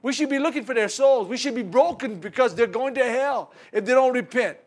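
A man's voice: extremely high pitch, brisk. A man preaching a sermon, retelling a Bible story with laughter, stumbles and repeated words. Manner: animated storytelling with laughs and repetitions.

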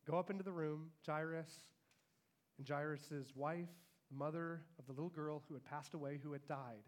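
A pastor preaching to his congregation in a fairly high, light voice. He tells the story with animation and slips into the lines of its characters as he goes. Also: moderate pace. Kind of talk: sermon.

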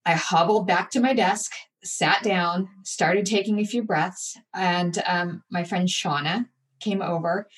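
A woman's voice: lowish voice, slow pace, recorded from a distance. Woman telling a candid personal story. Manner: candid, animated retelling with acted-out inner voices. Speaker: guest. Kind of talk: personal storytelling in a podcast interview.

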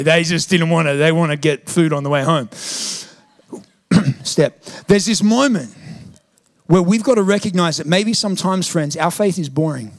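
A man's voice: fairly high pitch, no echo, studio quality. A man, preaching a sermon as pastor, telling a funny story animatedly and acting out the voices of others. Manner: animated, acts out quoted voices, jokey.

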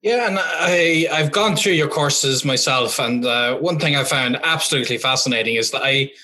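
A man's voice: mid-range voice, moderate pace, bright, forceful tone. A man hosting a podcast, asking long questions with hesitations and restarts. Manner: hesitant, searching for words. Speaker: podcast host. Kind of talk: casual interview questions.

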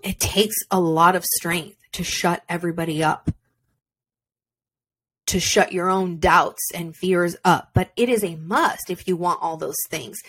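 A woman's voice: medium pitch, a bit bright. A woman hosting her own podcast, giving a blunt, profane, fired-up motivational monologue, recorded at home without a soundproof room. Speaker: podcast host. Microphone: simple home recording setup.

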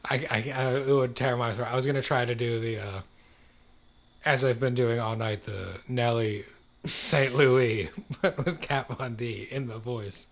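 A man's voice: mid-range voice, fairly even intonation, unhurried. A man co-hosting a casual chat, joking and riffing on celebrity gossip.

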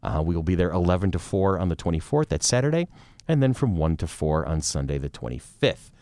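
A man hosting a podcast, chatting in a relaxed way and reading out announcements. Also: deep voice, brisk, dry recording, studio quality. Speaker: podcast host. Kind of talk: casual podcast chat.

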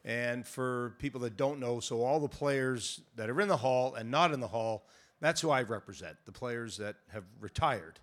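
A man's voice: medium pitch, moderate pace, a bit bright. An older man from Canada, a retired hockey goalie, telling stories to a live audience in a casual, joking, teasing way. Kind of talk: casual storytelling on a live panel. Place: event hall with a live audience.

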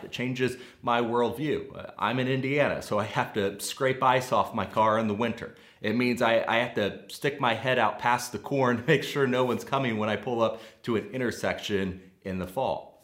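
A man with a Midwestern American accent preaching a sermon, earnest and measured, slowing down to stress key phrases. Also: medium pitch, a bit bright, roomy sound. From Midwestern United States. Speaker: pastor.

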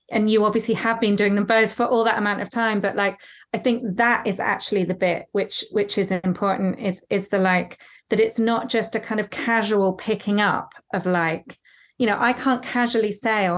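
Earnest woman artist on a panel. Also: medium pitch. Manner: earnest, many restarts. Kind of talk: panel discussion.

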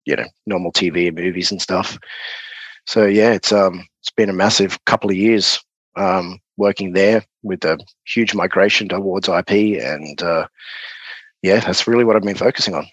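A man's voice: low voice, normal speed, husky, no room sound, poor audio. A man with an Australian accent, a guest explaining his engineering job in a casual podcast chat, with plenty of fillers. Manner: relaxed, explanatory, with many fillers. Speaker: guest, broadcast technology architect.

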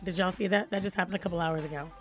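A woman's voice: lowish voice, steady tone, very fast, soft background music. A woman hosting a radio talk show in a studio, chatting in a playful, teasing way. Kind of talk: casual radio chat.

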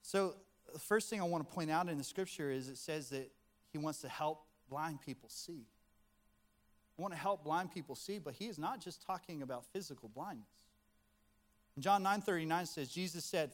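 A male pastor preaching a sermon to a congregation in an animated, conversational way. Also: on the high side, normal speed. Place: room with a congregation.

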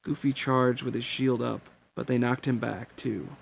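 A man reading a novel chapter aloud as an amateur audiobook. His voice sits at a middling pitch with a noticeable gravelly rasp, and a faint noise runs underneath. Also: steady tone, moderate pace. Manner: plain storytelling narration. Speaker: reader.

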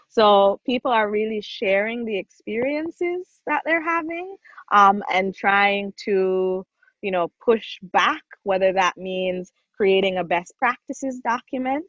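A woman's voice: mid-range voice, a bit bright, dry recording. Thoughtful Jamaican-born woman, dull dry recording. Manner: thoughtful, with frequent "um" and "you know". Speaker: documentary film organization representative. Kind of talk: interview answers.

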